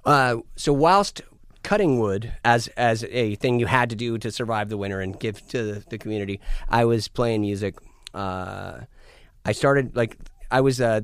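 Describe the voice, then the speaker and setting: A man chatting casually as a podcast guest, animated and jokey, cursing freely and getting loud when he plays up a bit. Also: on the low side, smooth, no echo, studio quality. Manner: animated, profane, jokey, swings loud for bits. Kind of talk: casual chat.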